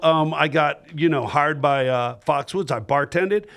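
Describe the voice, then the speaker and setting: A middle-aged man from New Jersey with a fairly high voice, a stand-up comedian telling stories in a loose, casual chat. He slips into little voices for the people he quotes and laughs often along the way. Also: measured pace. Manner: animated storyteller, acts out voices and laughs a lot. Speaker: stand-up comedian, podcast guest.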